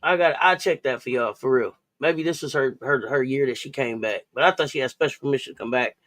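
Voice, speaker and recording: A man's voice: mid-range voice, brisk, fairly bright tone, no echo. A man co-hosting a casual sports talk show, loose and chatty, often repeating himself. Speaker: co-host.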